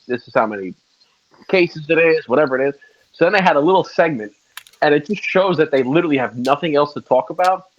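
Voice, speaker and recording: Rambling, swearing man, lo-fi sound. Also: medium pitch. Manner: swears a lot, rambling storyteller. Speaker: podcast co-host. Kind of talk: casual chat.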